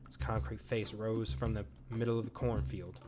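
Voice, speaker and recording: A man's voice: on the low side, flat delivery, normal speed, over music, natural voice. A man reading a world-weary woman farmer's narration. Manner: dry, world-weary, folksy drawl in phrasing. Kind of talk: reading game dialogue aloud.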